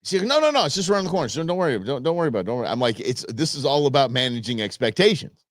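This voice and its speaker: In studio-quality audio with no echo, a man in his fifties who hosts a show rattles off a humorous story about himself at rapid-fire speed. Medium in pitch and animated, he jokes casually and performs both sides of a conversation he had.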